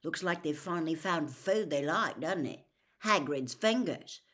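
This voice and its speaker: Woman voicing a blunt, wisecracking schoolboy, lowish and slow. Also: expressive, a bit bright. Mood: wry. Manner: blunt, wry. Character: gangly teenage boy, blunt and wry.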